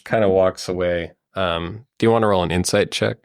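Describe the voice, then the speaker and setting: A man's voice: low voice, fairly even intonation, fairly quick, vocal fry, dry recording, clean studio sound. A man narrating as game master of a tabletop game, meandering and full of ums and likes.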